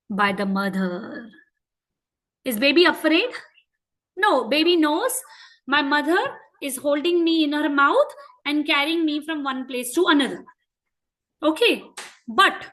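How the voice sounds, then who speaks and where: A woman with an Indian English accent teaching a class of children, asking them frequent questions and telling stories in an animated way. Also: high-pitched, low-quality recording. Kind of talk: interactive lesson for children.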